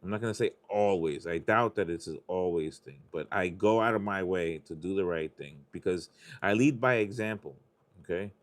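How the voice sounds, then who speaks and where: A deep-voiced man talks at a moderate pace while scratching lottery tickets on his live stream. The chat is casual, rambling and confessional, with plenty of swearing.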